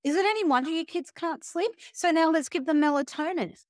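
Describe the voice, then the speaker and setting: A woman's voice: very high-pitched, fairly quick, dry recording, studio quality. A middle-aged woman, a health and wellness coach, talking in a casual interview and acting out sarcastic quotes. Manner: animated, acts out quoted voices, sarcastic asides.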